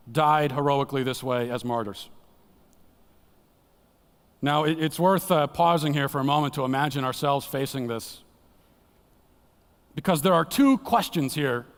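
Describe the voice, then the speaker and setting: Earnest preacher with a reverberant church sound. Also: male voice. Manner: earnest, dramatic, drops to a hushed low voice for emphasis. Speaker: guest speaker at church. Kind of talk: sermon. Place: church sanctuary. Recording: long church hall reverb.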